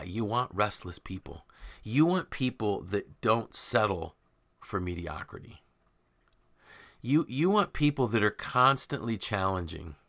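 A man hosting a podcast, talking in an emphatic, animated way and voicing imagined people's quotes. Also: lowish voice. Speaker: podcast host and author. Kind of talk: conversational podcast discussion.

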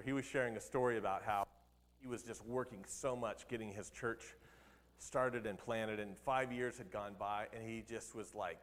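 A man's voice: mid-range voice, a little mellow, big-room sound. A man, a pastor, giving a conversational sermon and laughing now and then at his own jokes.

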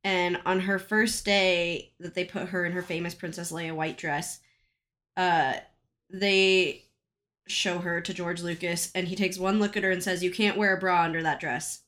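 A woman's voice: fairly low pitch, level tone, unhurried, fairly bright tone. A woman in a casual podcast chat, talking wryly with many fillers. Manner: chatty, many "like" fillers, wry.

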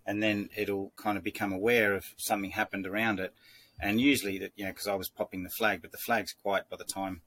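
A man teaching horse training, explaining in a calm, measured way with frequent restarts. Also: fairly low pitch, a little hiss or hum. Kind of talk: instructional talk.

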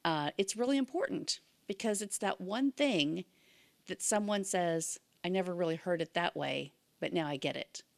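Lower-voiced woman, enthusiastic and rambling. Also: normal speed, vocal fry. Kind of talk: casual conversational chat.

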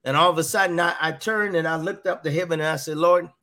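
A middle-aged man earnestly shares his personal faith testimony as a guest, often repeating his words. His fairly high voice sounds pushed and bright, with fairly even intonation and a quick pace.

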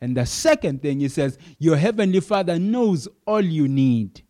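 A man's voice: fairly high pitch, very animated, moderate pace, dark tone. A man preaching a sermon in an earnest way, repeating key phrases for emphasis, with some fillers.

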